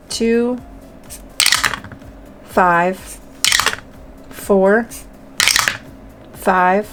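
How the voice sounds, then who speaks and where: A woman's voice: fairly high pitch, heavy background noise. A woman hosting a budgeting channel, chatting casually to camera while playing a dice game, talking to herself and counting aloud.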